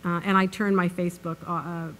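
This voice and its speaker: A woman's voice: lowish voice, level tone, fairly quick, a bit bright, a little hiss or hum. Earnest woman giving a university lecture. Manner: earnest, with many fillers and restarts. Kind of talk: academic public lecture.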